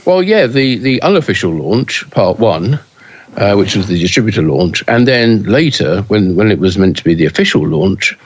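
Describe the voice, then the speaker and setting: Low-voiced man on a dull lo-fi line. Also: sing-song, normal speed. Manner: hesitant, many fillers and restarts. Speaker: pinball news podcast co-host. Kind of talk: casual podcast chat.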